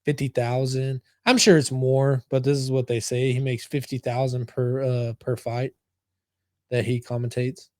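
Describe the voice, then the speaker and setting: A man's voice: medium pitch, flat delivery, moderate pace, darkish tone, no echo, studio quality. Laid-back agreeable podcast guy. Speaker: podcast co-host. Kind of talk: casual chat.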